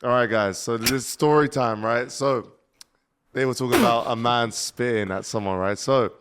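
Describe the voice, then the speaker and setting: Guesting on a podcast, this jiu-jitsu competitor tells stories in a loose, casual chat, growing lively as he recounts them, swearing freely and tossing out "bro" and "man". His mid-range voice moves at normal speed over a noisy background.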